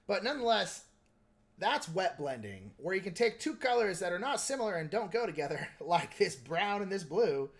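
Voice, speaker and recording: A man's voice: sits high, big pitch swings, normal speed. Easygoing man chatting on a live stream. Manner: meandering and easygoing, explaining technique while answering chat. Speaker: live-stream host painting miniatures. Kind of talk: casual live-stream chat while painting.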